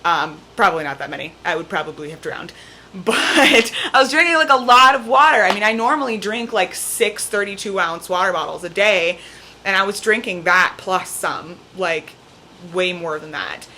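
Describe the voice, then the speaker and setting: A young woman vlogging at home, telling a story in a chatty, animated way, saying "like" often, with her cat on her lap. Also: mid-range voice, normal speed, a little hiss or hum. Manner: chatty, peppered with "like", animated retelling. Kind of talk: casual storytelling to camera.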